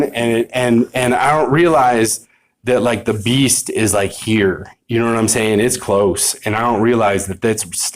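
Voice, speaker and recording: A middle-aged man telling his recovery story at a meeting, rambling and candid, stopping often to ask if you know what he means. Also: lowish voice. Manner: candid, self-mocking with laughs. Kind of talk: personal recovery testimony.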